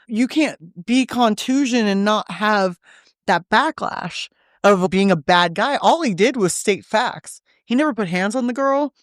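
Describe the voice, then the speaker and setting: A woman's voice: mid-range voice, measured pace, no echo, studio quality. A woman guest on a podcast, telling stories animatedly and swearing freely, acting out what people said. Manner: animated, acts out quotes in shifting voices, swears freely. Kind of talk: casual storytelling chat. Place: podcast studio.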